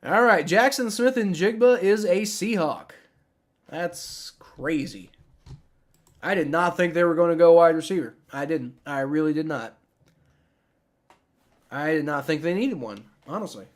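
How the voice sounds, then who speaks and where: A man's voice: a little high, unhurried, pauses often. A young man casually reacting on a live stream, rambling with many restarts and frequent swearing. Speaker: streamer reacting to a sports draft.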